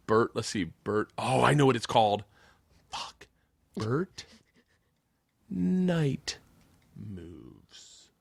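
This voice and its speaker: A man's voice: medium pitch, vocal fry, dry recording, studio quality. A man hosting a podcast, telling rambling stories in a casual chat, swearing freely and laughing as he talks. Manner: animated, profane, laughs while telling stories. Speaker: podcast host.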